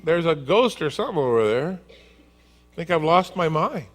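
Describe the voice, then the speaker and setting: A man's voice: fairly high pitch, sing-song, normal speed, big-room sound, voice pushed up. A man playing a panicked fisherman disciple who shrieks in fright during a storm. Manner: shrieking, frantic.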